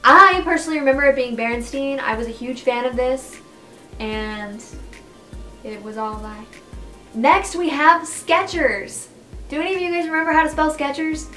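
A young woman with a high, bright voice talks straight to her viewers in a loose, chatty vlog. She is animated and disbelieving, swinging into sudden swearing outbursts, with faint music under her. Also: normal speed, low-quality recording. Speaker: YouTuber. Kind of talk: casual vlog monologue.

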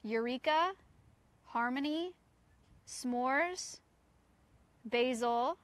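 A young woman streams live from outdoors, chatting with her chat and coaxing her goats and other animals; she's a streamer who owns a sanctuary. Her high-pitched voice draws out its words, with no echo present.

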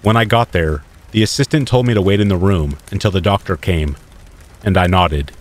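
A man reading a scripted first-person horror story in a steady, measured way. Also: deep voice.

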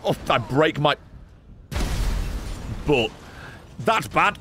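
A man's voice: on the high side, very animated, moderate pace, a little hiss or hum. A man streaming a game live, ranting at his chat in a profane, exasperated way. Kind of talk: live gameplay stream commentary.

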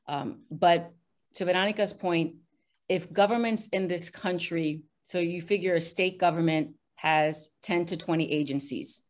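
A woman's voice: low-pitched, darkish tone. Hesitant woman panelist on a video call. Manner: hesitant, many filler pauses.

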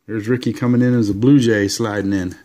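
A man casually showing off his collection of sports cards, rambling along with relaxed, enthusiastic asides. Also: lowish voice, a little fast. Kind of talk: casual card-showing vlog.

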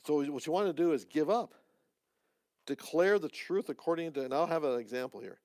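A man preaching in a relaxed, conversational teaching style, breaking into little jokes and restarting his sentences. His voice has a gravelly edge. The sound is dry and close. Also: a little high, fairly quick, no room sound. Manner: conversational, joking asides, restarts. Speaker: pastor. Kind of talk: teaching sermon. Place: church.

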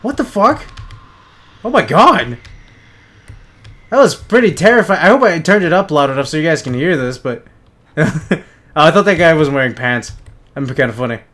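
Young man, let's play commentary, jittery, joking, cursing, slightly high voice. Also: expressive, moderate pace, long pauses, a bit bright. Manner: jittery, joking, swears often, yelps when startled. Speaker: gamer.

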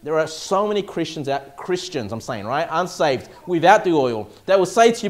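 Male pastor with a high voice, delivering an emphatic sermon. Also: big pitch swings, moderate pace, few pauses. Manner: emphatic, checks in with "okay?" and "all right?".

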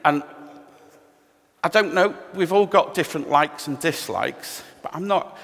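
A man's voice: on the high side, a little slow, gravelly, fairly bright tone. A middle-aged man from England telling his personal testimony at church, candid and self-deprecating with touches of humor. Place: church hall. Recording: long reverb of a church hall.

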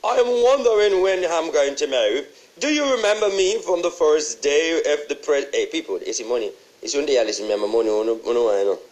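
A man's voice: a little high, animated, fairly quick, few pauses, natural voice, low-quality recording. Jamaican man as a chatty old banknote statesman, forgetful, voice bouncing up and down. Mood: rambling. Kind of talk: comedic impression.

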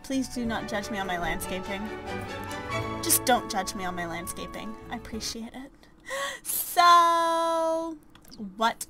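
Chatty higher-voiced woman narrating gameplay. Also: animated, a little slow, pauses often, loud music behind the voice. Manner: chatty and self-deprecating, with many fillers and giggles. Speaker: gameplay commentator. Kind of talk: casual let's-play commentary.

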